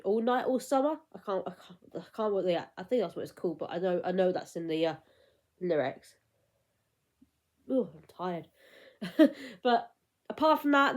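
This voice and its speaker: A woman's voice: mid-range voice, darkish tone. Rambling, self-conscious young woman vlogger. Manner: chatty, rambling, self-conscious, loses her words. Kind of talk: casual chat to camera.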